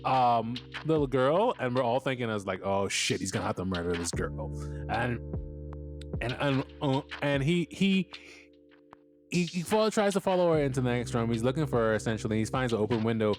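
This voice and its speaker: Rambling podcast host over background music. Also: male voice, mid-range voice, moderate pace. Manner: rambling, laughs often, swears freely, many fillers. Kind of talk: casual episode recap.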